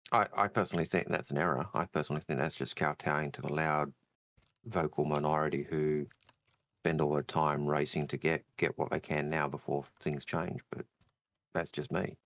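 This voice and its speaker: A man with a very deep voice co-hosting a casual gaming Q&A. He weighs his words slowly, pausing on fillers as he goes, and sounds dry and close to the mic. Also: no echo. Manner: measured, hesitant, many fillers. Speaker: co-host of a game Q&A show. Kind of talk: casual podcast chat.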